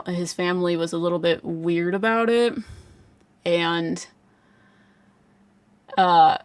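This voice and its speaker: A woman's voice: fairly low pitch, creaky, no room sound. A woman giving live psychic readings in a casual livestream chat, full of "like" fillers, frequent laughs and casual swearing.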